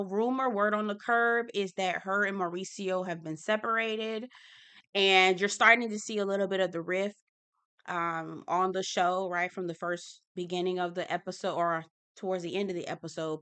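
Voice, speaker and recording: A sassy woman with a lilt, talking through a reality show recap in an easy, gossipy way. Her voice is bright and forward. She talks at home in her office. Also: medium pitch. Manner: sassy and expressive, slangy asides. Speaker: TV recap host.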